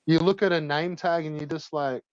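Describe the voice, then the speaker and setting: A man chatting casually, slangy and sweary, full of drawn-out fillers. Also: a little high, steady tone, clean tone, dry recording. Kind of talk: casual chat. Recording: dull dry sound.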